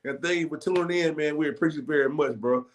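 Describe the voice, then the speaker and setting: A man hosting a live talk show, talking in a high-energy, slangy, hype-man way. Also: fast talker. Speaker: talk show host and stadium announcer. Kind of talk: hyped casual live talk.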